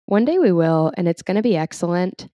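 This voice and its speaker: A woman's voice: fairly low pitch, expressive, brisk, dry recording, muffled recording. A young woman co-hosting a podcast, chatting in an upbeat, rambling way and laughing often. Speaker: podcast co-host. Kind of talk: casual chat.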